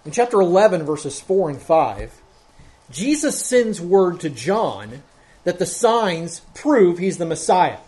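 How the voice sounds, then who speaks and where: A man's voice: high-pitched, sing-song, slow, darkish tone. A man preaching an expository sermon as pastor, working methodically through a Bible passage verse by verse and growing more emphatic as he goes.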